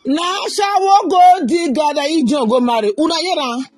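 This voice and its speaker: A talk show host with a Nigerian accent, loudly mocking and commenting in Pidgin, theatrical and teasing. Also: sits high, normal speed, no room sound.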